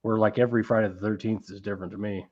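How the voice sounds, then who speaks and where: A man's voice: fairly low pitch, fairly even intonation, racing. A man hosting a casual movie-collecting live stream, rambling, swearing freely and reading out chat messages. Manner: rambling, profane, reads chat aloud. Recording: dull lo-fi stream audio.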